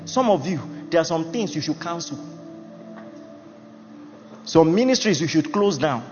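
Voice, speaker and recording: A man's voice: a little high, animated, moderate pace, long pauses. A man preaching a sermon, emphatic and laughing at his own jokes as he acts out Bible figures. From Nigeria. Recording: muffled hall recording with music.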